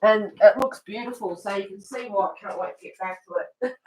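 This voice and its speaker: A woman's voice: mid-range voice, brisk, a little hiss or hum. A middle-aged woman hosting a casual livestream at her table at home, chatting with viewers and calling them darling and sweetie. She calls herself fussy and pedantic. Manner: chatty, answers viewers' comments with endearments; self-described fussy and pedantic. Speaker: livestream host of a colouring channel. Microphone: webcam.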